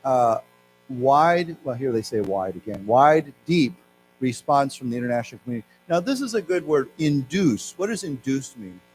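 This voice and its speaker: An American man teaching English to a class, explaining words slowly, having the class repeat them, and dropping Mandarin words into his explanations. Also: medium pitch, lively intonation, a little mellow, rough recording. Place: lecture room with audience. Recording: faint music and mains hum behind.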